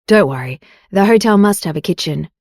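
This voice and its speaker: A woman's voice: lowish voice, lively intonation, fairly quick, a little mellow, no echo, clean studio sound. A woman voicing a doting, teasing husband. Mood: soothing. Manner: soothing, playful.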